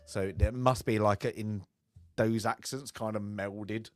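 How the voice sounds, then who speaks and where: A man's voice: lowish voice, fairly even intonation, measured pace, darkish tone, no echo. A man from England co-hosting a casual film podcast chat, joking and laughing often.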